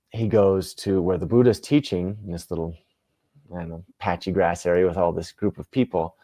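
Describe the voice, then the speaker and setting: A man in his thirties, a guest in an interview, telling stories in an animated, self-deprecating way. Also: low-pitched, no echo. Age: 30s. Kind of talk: casual interview storytelling.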